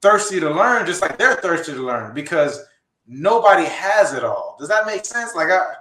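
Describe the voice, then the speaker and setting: A man's voice: a little high, sing-song, moderate pace, a bit bright. Earnest man in an echoey room. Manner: earnest, explaining to listeners. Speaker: host. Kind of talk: casual talk show chat.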